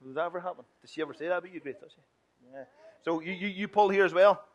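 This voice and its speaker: Male minister, higher-pitched, playful and chatty with the kids. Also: very fast. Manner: playful and chatty, mimicking whiny children. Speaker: minister leading a children's talk. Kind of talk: lively church children's talk.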